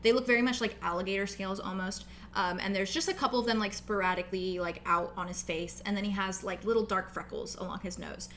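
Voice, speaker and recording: A woman's voice: medium pitch, steady tone, quick pace, hardly any pauses, fairly bright tone, a little hiss or hum. A woman running a tabletop game as game master, narrating casually with lots of fillers, over a video call.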